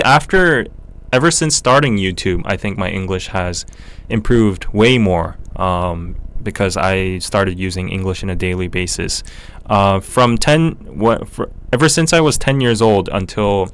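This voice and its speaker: A young Korean man with a North American accent hosts a casual livestream Q&A as a podcast host. His low-pitched voice is clear and resonant, and he's relaxed and chatty, with lots of ums and other fillers.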